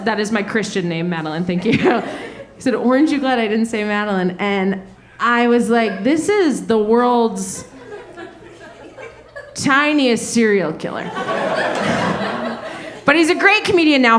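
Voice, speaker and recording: Lively, high-voiced woman comedian. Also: slight background noise. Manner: animated, self-mocking, laughing through lines. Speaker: stand-up comedian. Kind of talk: stand-up comedy set. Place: comedy club stage.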